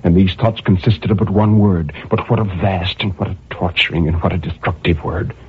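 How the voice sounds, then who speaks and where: A man's voice: low-pitched, fairly even intonation, moderate pace, breathy edge. An actor playing a tormented male murderer in an old-time radio drama, swinging between manic laughter and brooding menace. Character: tormented male murderer raving in his cell. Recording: muffled vintage radio recording.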